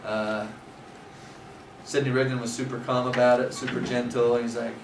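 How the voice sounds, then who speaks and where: A man's voice: medium pitch, little pitch movement, normal speed, creaky. Man teaching scripture in an echoey room. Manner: conversational storytelling with fillers. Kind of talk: scripture class lecture. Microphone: far from speaker. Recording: roomy, distant, noisy room.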